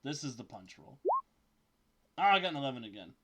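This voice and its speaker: A man running a tabletop game as game master, narrating dice rolls in a brisk, matter-of-fact way. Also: mid-range voice, sing-song, very noisy.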